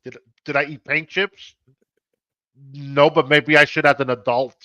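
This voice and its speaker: A man's voice: fairly high pitch, flat delivery, a little slow, pushed and bright, no echo. Sarcastic, crude man on a dull stream feed. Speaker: co-host. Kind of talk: casual live-stream banter.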